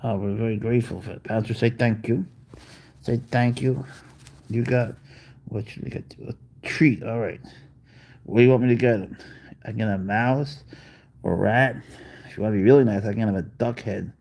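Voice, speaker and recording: A man's voice: fairly low pitch, a little fast, creaky, a little mellow. A man hosting a live stream about his pet, chatting casually and rambling through answers to viewers' questions.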